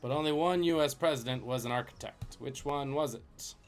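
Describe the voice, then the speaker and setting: A man's voice: mid-range voice, fairly quick, faint music behind. A man hosting a live-streamed trivia game, joking and chatting with viewers between questions.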